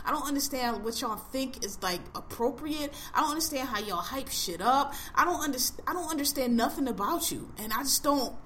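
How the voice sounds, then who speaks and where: A woman's voice: sits high, animated, a little fast, hardly any pauses, sharp tone, slight background noise. A woman in her forties hosting a podcast, ranting bluntly and with heavy profanity in casual chat. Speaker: podcast host.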